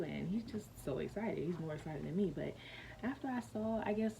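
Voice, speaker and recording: A woman's voice: lowish voice, normal speed, creaky, dark tone, slight background noise, poor audio. A young woman vlogger telling a personal story in a rambling, casual way, full of fillers and restarts.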